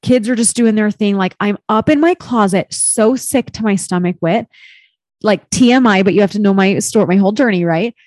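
A woman's voice: medium pitch, brisk, a little mellow, no echo, clean studio sound. A woman in her thirties telling a personal story in casual chat, candid and chatty, with lots of "like" and some swearing.

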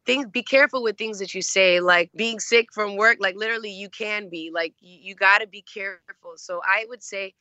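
A woman's voice: mid-range voice, moderate pace, few pauses, bright, forceful tone, no room sound, highs cut off. A woman being interviewed as an actress, telling stories in a chatty way with lots of fillers. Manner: chatty, many fillers, acts out quoted voices. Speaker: actress guest. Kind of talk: casual interview storytelling.

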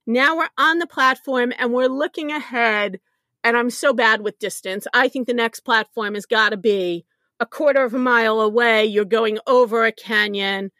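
A middle-aged woman telling a personal story to a podcast host, animated, self-deprecating and often laughing as she talks. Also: a little high, normal speed, no echo, studio quality. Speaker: podcast guest. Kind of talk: conversational storytelling.

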